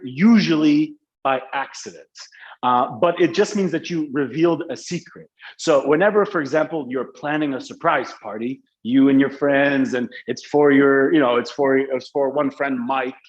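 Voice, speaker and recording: A man's voice: fairly high pitch, normal speed, dull audio. A man teaching an English class live online, in a casual, joking, slangy way. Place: Dubai.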